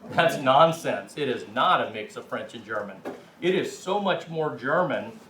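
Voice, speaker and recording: A man's voice: mid-range voice, lively intonation, moderate pace, bright, forceful tone, slight background noise. A man giving a chatty, emphatic talk as teacher of a language class to a room of students. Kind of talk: casual classroom lecture. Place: classroom with an audience. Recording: echoey room, distant mic.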